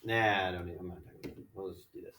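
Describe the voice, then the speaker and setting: A man's voice: low voice, steady tone, very fast, pushed and bright, a little hiss or hum. A man teaching a math class, working problems aloud in a chatty, joking way. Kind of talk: classroom lecture. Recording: echoey classroom from far off.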